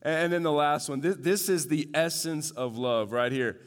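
A man pastor preaching a sermon, shifting from loud joking asides to hushed, earnest emphasis. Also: a little high, normal speed, few pauses, clear, resonant tone, long reverb tail.

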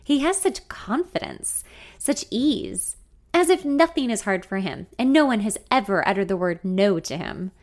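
A woman's voice: medium pitch, expressive, moderate pace. A woman reading a first-person audiobook story in an intimate, wry, confiding voice. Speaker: narrator.

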